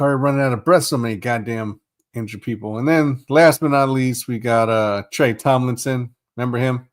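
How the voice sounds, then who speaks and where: A man hosting a casual sports podcast, rambling and swearing as he rants in exasperation. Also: medium pitch. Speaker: podcast host.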